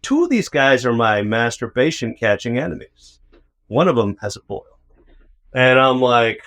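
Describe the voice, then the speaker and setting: A man's voice: medium pitch, sing-song, moderate pace, fairly bright tone. Profane rambling male storyteller. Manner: rambling, profane, self-mocking, acts out his own past outbursts. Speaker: podcast co-host. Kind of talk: casual storytelling chat.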